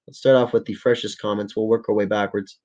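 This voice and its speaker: A man's voice: fairly low pitch, flat delivery, fast talker, a little mellow, lo-fi sound. A man hosting a casual livestream, reading articles and viewer comments aloud, stumbling over words, correcting himself and swearing often, sounding a little tired. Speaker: livestream host.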